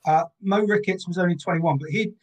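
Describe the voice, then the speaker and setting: Brief: Cornish guest in his fifties, precise memory, halting delivery, higher pitch. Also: poor audio. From Cornwall, England. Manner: precise about dates, hesitant with fillers. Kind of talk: casual chat.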